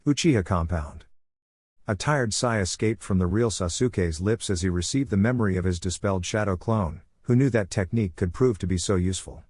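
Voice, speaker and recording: A man narrating a fan fiction story in a steady, even reading. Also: low-pitched, brisk, husky, no echo, studio quality.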